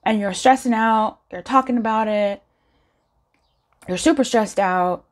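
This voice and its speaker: A woman giving a casual pick-a-card tarot reading, chatty and encouraging, laughing often and rising in pitch when animated. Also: measured pace, pauses often. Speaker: tarot reader.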